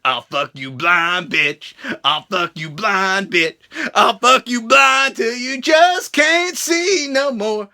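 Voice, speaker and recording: A man putting on a crude, menacing male wrestler growling slow threats. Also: sits high, animated, creaky, pushed and bright, heavily acted.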